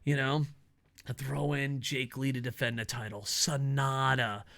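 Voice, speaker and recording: A man hosting his own wrestling commentary show, ranting casually with lots of swearing, laughter and excitable asides. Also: mid-range voice, a little slow, gravelly. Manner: profane, excitable, laughs a lot. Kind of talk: casual opinion rant.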